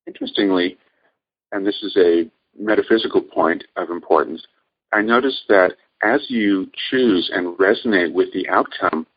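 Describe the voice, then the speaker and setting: A man leading a guided meditation lecture, speaking in a calm, measured, gently instructive way. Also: sits low, muffled recording. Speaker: meditation teacher.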